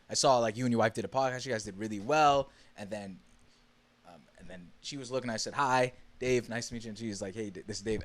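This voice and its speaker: A young man from the Bahamas hosting a podcast alone, telling a story in a casual, excitable way with many fillers and restarts. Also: medium pitch. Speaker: podcast host.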